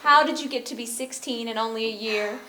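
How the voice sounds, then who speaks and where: A woman's voice: fairly high pitch, fairly quick, bright, forceful tone. A woman playing an enthusiastic young aunt and teacher in an amateur stage drama, recorded from far off in an echoey room. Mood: excited. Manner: bubbly, enthusiastic.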